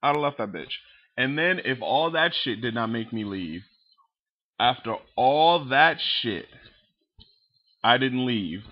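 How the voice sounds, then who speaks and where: Speaking slowly with long pauses, this vlogger has a mid-range voice, and the recording has its highs cut off. He rants casually to his webcam about movie scenes, swearing a lot, animated, and acting out characters.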